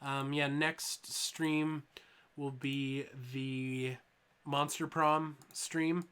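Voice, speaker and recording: A young man hosts a live stream from home in a voice pitched a little high. He rambles in a loose, joking way and leans on ums while he answers chat. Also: flat delivery, very slow, fairly bright tone, clear, resonant tone. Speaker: toy channel host streaming live.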